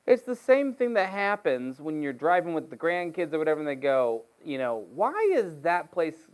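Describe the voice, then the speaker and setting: A man teaching a casual Bible study, retelling the story in an animated, slangy, joking way. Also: a little high, moderate pace, clean tone, poor audio.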